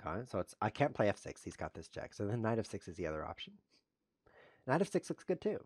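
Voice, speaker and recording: Male chess streamer thinking aloud as he plays, lowish voice with a wide, bouncy pitch range, deadpan self-mockery broken by yelps. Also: fast talker, slightly rough, no echo, studio quality. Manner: self-mocking deadpan jokes with sudden yelps over blunders. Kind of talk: live-stream commentary while playing.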